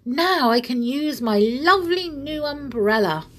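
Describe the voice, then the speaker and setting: A woman's voice: medium pitch, big pitch swings, a little slow, a little mellow, slight background noise, voice pushed up. A woman voicing a fussy, proud male teddy bear in a storybook reading, talking in a huffy, indignant way. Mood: delighted.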